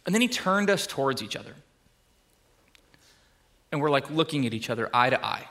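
Bright, casual young male pastor preaching. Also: on the high side, lively intonation, brisk. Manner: casual, conversational preaching with many fillers. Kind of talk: sermon.

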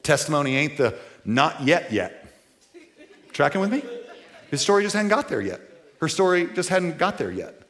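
A man preaching a sermon to a live congregation, animated, with folksy asides, moving between loud and quiet. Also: a little high, normal speed. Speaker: pastor. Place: church before a live congregation.

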